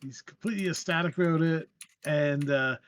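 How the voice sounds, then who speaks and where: A man's voice: a little high, normal speed, fairly bright tone. A man running a tabletop game as game master, narrating in a rambling way with frequent restarts. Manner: rambling, with many fillers and restarts.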